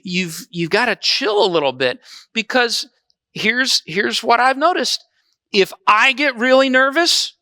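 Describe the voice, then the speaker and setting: A man's voice: sits high, sharp tone, dry recording, studio quality. A man preaching a conversational sermon as pastor, often asking the congregation questions.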